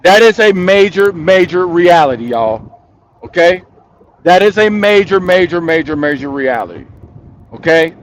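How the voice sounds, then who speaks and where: A high-voiced man, animated and at a measured pace, gives casual opinion commentary straight to the viewers of his channel. He repeats points for emphasis and laughs between thoughts, with a little hiss or hum in the recording.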